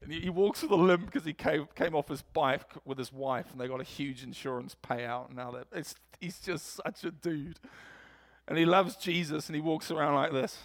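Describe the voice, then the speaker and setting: Male preacher, slightly high voice, lively storytelling sermon. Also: moderate pace. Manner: storytelling, animated quotes. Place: church.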